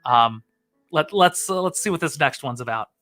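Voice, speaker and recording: A man's voice: on the high side, animated, normal speed, bright, forceful tone, faint music behind. A man hosting a live stream, chatting casually and rambling, with lots of fillers and chuckles. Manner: rambling, laughing, full of uh fillers. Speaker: live-stream host and tenor.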